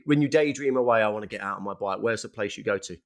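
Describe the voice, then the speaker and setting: A man co-hosting a podcast who asks the guest questions in eager, quick bursts. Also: lowish voice. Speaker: podcast co-host. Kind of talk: casual podcast interviewing.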